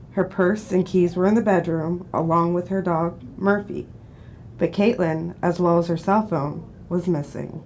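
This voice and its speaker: A woman giving scripted documentary narration in a measured, even reading. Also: on the low side, slight background noise.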